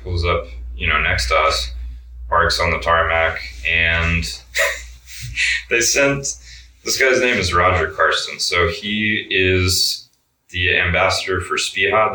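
A man's voice: sits low, a little slow, bright, forceful tone, recorded from a distance. A young man telling a story in a laid-back interview, cursing a lot and saying "like" all the time. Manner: laid-back, swears a lot, says "like" often. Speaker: guest. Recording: roomy sound, mic set back.

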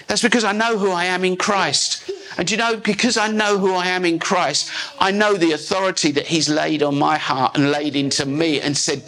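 A pastor preaches live to his church, a man with a fairly high voice and a bright, forceful edge. He drives each point home in emphatic, declarative sentences. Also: normal speed. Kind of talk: live sermon. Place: church service.

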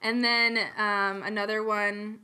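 Bright chatty young woman telling a story. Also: mid-range voice, level tone, slow, smooth. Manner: chatty, giggly, swears, acts out voices. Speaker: podcast host retelling a fairy tale. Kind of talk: casual chat storytelling.

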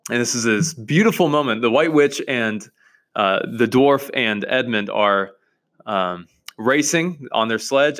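A man's voice: on the low side, a bit bright. A man reading aloud from a novel and teaching on it with emphatic enthusiasm.

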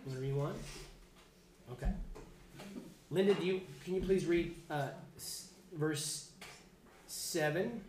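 A man with a fairly high voice leads a casual Bible class, chatty and loose, often stopping to restart a sentence. He sounds like he is in an echoey room, with faint noise underneath. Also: unhurried, long pauses, a little mellow. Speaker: Bible study teacher.

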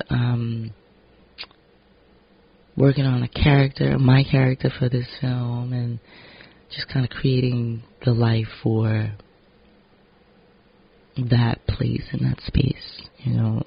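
A man with a raspy, gravelly voice, speaking to camera in a loose, candid vlog ramble. His language is blunt and sprinkled with swearing. The audio sounds a little dull and lo-fi. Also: medium pitch. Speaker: vlogger and actor. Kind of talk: casual vlog monologue.

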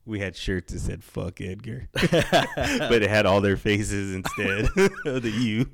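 A man's voice: on the low side, very animated, takes it slowly, creaky. A young man telling stories in casual chat, laid-back and profane, peppering his talk with "dude" and "bro".

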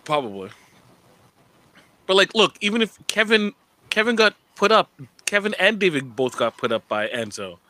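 A man in casual podcast chat with a bright, forceful tone. He talks with lively energy and often slips into slangy impressions of the people he's discussing. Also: sits high, normal speed. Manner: animated, mimics contestants with slangy impressions. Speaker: podcast co-host.

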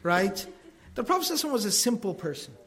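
A man with a notably high voice lectures a religious class in an easy, talky way. He keeps asking "right?" and slips into quick impressions of the people he quotes. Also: sing-song, a bit bright. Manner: acts out quoted remarks. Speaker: religious teacher.

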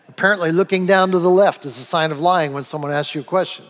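Guy preaching a sermon, pretty high voice, acts out little bits, big echoey hall. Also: fast talker, hardly any pauses. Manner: animated preaching with acted-out asides and quoted voices. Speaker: pastor. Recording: long hall reverb.

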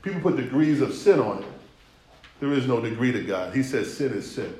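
A man's voice: medium pitch, lively intonation, a little fast, a little mellow. A man preaching a sermon in a church, conversational and rhythmic, often asking the room if they hear him. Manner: conversational, rhythmic, calls for responses. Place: church sanctuary. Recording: echoey church hall.

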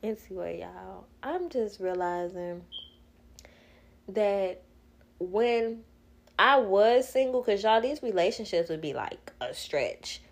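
A woman's voice: mid-range voice, animated, slow, vocal fry. A woman, hosting her own podcast in a blunt, candid casual monologue, laughing often and swearing freely. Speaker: podcast host.

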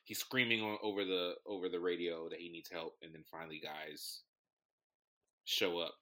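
A man's voice: deep voice, level tone, moderate pace, sharp tone. A man co-hosting a podcast, casually recapping a movie plot in a rambling, joking way. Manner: rambling storyteller, loose and joking. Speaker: podcast co-host.

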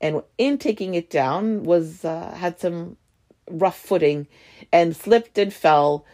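A woman's voice: on the low side, takes it slowly, darkish tone. A woman hosting her own podcast, rambling animatedly with laughing asides. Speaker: podcast host. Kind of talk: casual solo podcast monologue.

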